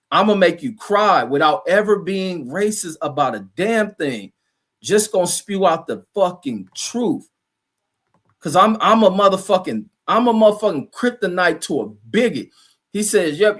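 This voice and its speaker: High-voiced man ranting, heavy slang. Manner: loud, combative, heavy cursing, stumbles over names. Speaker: show host. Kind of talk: profane live-stream rant.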